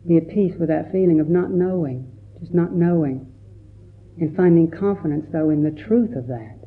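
A man, a Buddhist monk, giving a gentle, reflective dharma talk and telling stories with quoted voices. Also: on the high side, normal speed. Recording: tinny phone-like recording.

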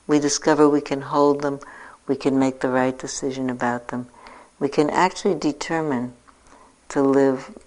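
Low gravelly older woman teaching. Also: poor audio. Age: 60s. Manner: reflective, gently self-mocking storytelling. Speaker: meditation teacher. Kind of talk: dharma talk.

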